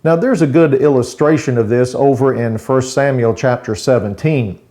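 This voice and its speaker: A man, a pastor, giving a short daily devotional teaching in a plain, conversational way with folksy asides, slowing down to stress key points. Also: medium pitch, warm tone.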